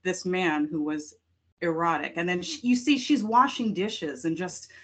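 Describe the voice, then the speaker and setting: A woman co-hosting a casual film podcast, telling her views in an animated, expressive way. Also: on the low side, measured pace, slightly rough. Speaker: podcast co-host. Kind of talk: casual discussion.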